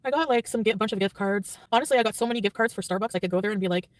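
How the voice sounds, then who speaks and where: A woman's voice: medium pitch, fast, no room sound. A woman vlogger chatting casually, rambling and defensive, laughing often. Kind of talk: casual vlog chat.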